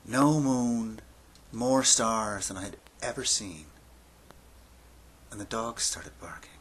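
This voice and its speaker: A man in his fifties telling a personal story aloud, dropping to a near-whisper and rising to yells as it builds. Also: on the low side, takes it slowly, pauses often. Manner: dramatic, swings from hushed near-whisper to yelling. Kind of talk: spoken-word storytelling.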